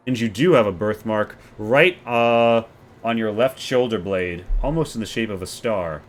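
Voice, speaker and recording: A man's voice: medium pitch, moderate pace. A man narrating a tabletop game as game master, in a loose, casual way with many fillers.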